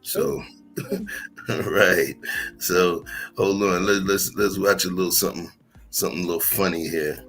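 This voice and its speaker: A man hosting a livestream, chatting casually and greeting his viewers by name in a relaxed way. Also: deep voice, unhurried, creaky, long pauses, faint music behind. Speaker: livestream host. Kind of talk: casual chat.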